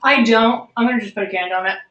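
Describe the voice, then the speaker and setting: Woman, co-host, casual chat, short replies, slightly high, echoey room. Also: rapid-fire, dull audio. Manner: short agreeing replies, relaxed while busy carving a pumpkin. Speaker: podcast co-host. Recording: roomy echo.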